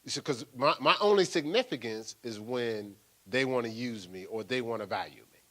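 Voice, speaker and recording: Older man, a pastor with a sermon voice that swings widely and rings bright, playful and animated. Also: medium pitch, normal speed. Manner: lively, playful preaching with laughter and acted-out asides.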